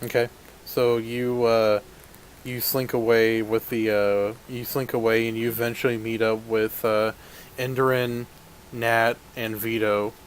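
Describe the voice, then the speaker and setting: A man runs a tabletop game as game master. He sets each scene in a loose, unhurried way with plenty of fillers, his voice sitting in an ordinary middle pitch. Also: flat delivery, a little hiss or hum. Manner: loose, hesitant narration with many fillers.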